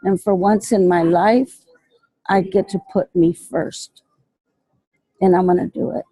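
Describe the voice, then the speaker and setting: A woman's voice: mid-range voice, fairly even intonation, measured pace, dark tone, breathy edge, no room sound, poor audio. A woman on a video call giving a fervent, motivational testimonial, often repeating herself. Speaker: team member sharing on a call. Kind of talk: emotional testimonial.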